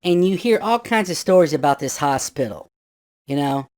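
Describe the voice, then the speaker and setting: A man in his fifties telling a spooky true story in a loose, rambling way, full of "you know" asides, sometimes shouting out what others said. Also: fairly high pitch, expressive, moderate pace. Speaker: guest storyteller. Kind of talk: casual spoken ghost story.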